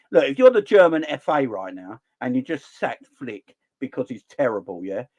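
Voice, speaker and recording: A man's voice: mid-range voice, lo-fi sound. A young man hosting a fan livestream in casual, jokey, blunt chat. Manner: animated, jokey, blunt slang. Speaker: fan channel host.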